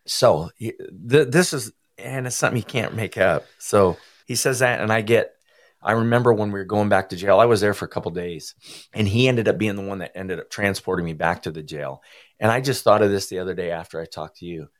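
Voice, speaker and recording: A man as an interview guest, telling his personal recovery testimony in an earnest, emotional, halting way. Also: lowish voice.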